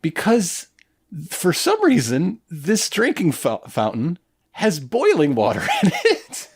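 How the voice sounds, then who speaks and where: Man, podcast co-host, lively swooping pitch, joking recap chat. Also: slow pace, slightly rough. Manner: joking, animated storyteller. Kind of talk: casual chat recapping an anime.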